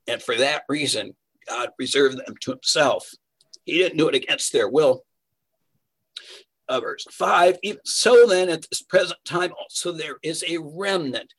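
Husky man preaching a Bible sermon. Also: a little high, a little slow, low-quality recording. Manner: earnest teaching, rhetorical questions, varied emphasis. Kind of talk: sermon, verse-by-verse Bible teaching.

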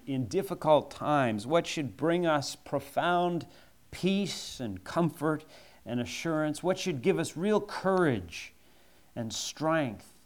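A man preaching a sermon, slow and emphatic, repeating key phrases for force. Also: mid-range voice.

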